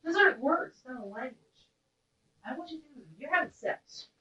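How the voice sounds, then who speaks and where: A woman's voice: high voice, lively intonation, fast, pushed and bright. A woman teaching a class in an intense, blunt way, breaking now and then into wordless vocal cries. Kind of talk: impassioned lecture to a class. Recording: roomy, distant, dull-sounding recording.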